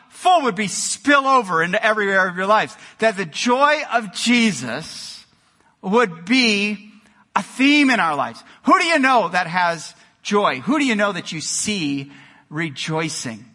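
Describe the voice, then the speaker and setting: A male pastor delivering an energetic sermon in a church, moving between loud exclamations and quiet emphasis. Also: high-pitched, measured pace. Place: church sanctuary. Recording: long hall reverb.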